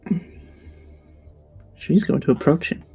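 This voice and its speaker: A man's voice: measured pace, mellow, faint music behind. A man playing a tabletop role-playing game, speaking hesitantly with many restarts and fillers. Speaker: player.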